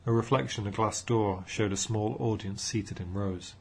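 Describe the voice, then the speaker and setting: Brief: man reading fiction aloud, low, husky, measured. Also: fairly even intonation. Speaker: audiobook narrator. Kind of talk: audiobook narration.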